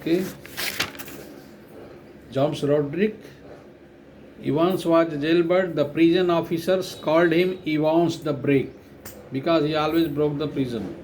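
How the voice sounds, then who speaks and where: Indian male English teacher, slow and deliberate, a little high-pitched, spells words aloud and repeats lines for note-taking. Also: darkish tone, a little hiss or hum. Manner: spells out words letter by letter and glosses their meanings. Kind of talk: slow classroom lecture retelling a story.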